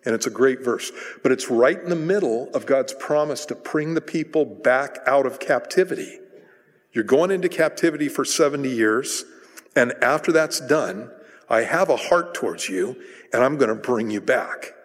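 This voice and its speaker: A pastor delivers a sermon in a reverberant hall, his male voice medium-pitched at normal speed. He's conversational, telling stories animatedly and restarting often.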